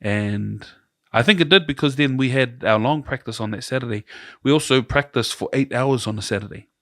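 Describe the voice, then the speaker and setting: A New Zealand man in casual podcast talk, easygoing and chatty with frequent laughs. His voice sits at a middle pitch. The recording is dry and close, with no room sound. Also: a little fast, no echo. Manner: relaxed, storytelling, laughs often. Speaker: podcast co-host. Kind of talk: casual chat.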